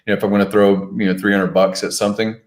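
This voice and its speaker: A man's voice: on the low side, little pitch movement, racing. A man co-hosting a podcast, talking loosely with lots of fillers while telling stories. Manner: loose, filler-heavy, storytelling. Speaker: podcast co-host. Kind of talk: casual chat.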